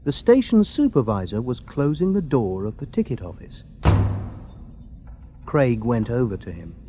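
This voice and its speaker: Slow deliberate male story narrator. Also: medium pitch, very animated, music in the background. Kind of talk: slow graded-reader narration.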